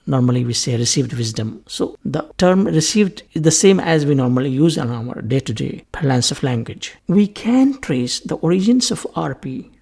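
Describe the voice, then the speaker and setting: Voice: mid-range voice, sing-song, normal speed, creaky, few pauses, a little mellow, breathy edge. A teacher giving a recorded English lecture, repeating key phrases and asking questions before answering them.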